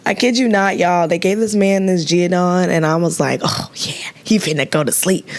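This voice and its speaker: A young woman, a nurse, telling a story in a casual, animated way, laughing and acting out the people in it. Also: fairly low pitch, moderate pace, no room sound. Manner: animated, laughing, quotes people in lively voices. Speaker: nurse and podcast host.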